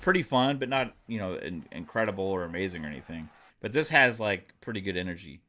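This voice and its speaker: A man's voice: deep voice, expressive, fast, pushed and bright, soft background music. A man chatting casually on a live stream, rambling with lots of fillers and swearing freely. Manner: rambling, many fillers, profane.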